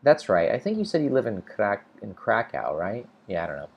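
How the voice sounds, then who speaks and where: American guy doing a live english lesson, lowish voice, laid back, lots of ums while he reads chat. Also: fairly quick, vocal fry, breathy edge, dull audio. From United States. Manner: relaxed, thinks aloud with fillers and restarts. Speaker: English teacher hosting a livestream. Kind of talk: casual livestream lesson, reading chat comments.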